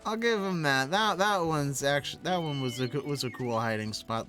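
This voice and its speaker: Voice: medium pitch, moderate pace, fairly bright tone, soft background music. A streamer casually talking to themselves while playing a game live, chuckling now and then. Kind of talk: casual live gameplay commentary.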